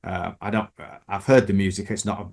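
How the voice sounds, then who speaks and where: A man co-hosting a casual film podcast, relaxed and hesitant with many fillers. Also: sits low, a little fast, vocal fry. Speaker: podcast co-host.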